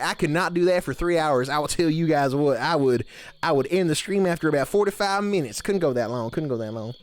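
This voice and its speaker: A man's voice: fairly high pitch, lively intonation, fairly quick, dry recording. A man streaming live, chatting casually with viewers in a folksy camp-counselor persona full of drawled "y'all"s. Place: home streaming room with blanket-draped backdrop.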